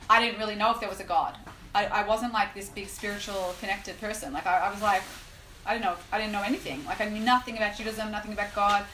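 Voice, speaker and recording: A woman teaching a class on prayer, telling a personal story in an animated way with lots of "like" and "right?". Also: medium pitch. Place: room with a live class. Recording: echoey room, faint noise.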